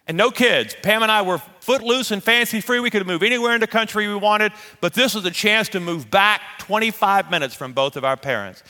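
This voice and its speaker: A man preaching a sermon, telling a personal story in a lively, animated way and acting out the voices of the people in it. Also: high voice. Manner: animated, acts out quoted voices. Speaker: pastor. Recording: long reverb of a large hall.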